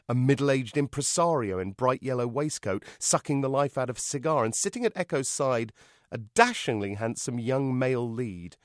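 A man, the author, reading his novel aloud in a lively, dryly amused storytelling manner. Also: mid-range voice, dry recording, clean studio sound. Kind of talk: expressive literary reading.

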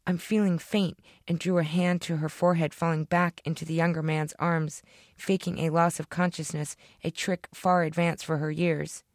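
A woman reading her own short story aloud in a deadpan storytelling manner, close to the microphone. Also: low voice, moderate pace, no room sound. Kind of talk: fiction reading.

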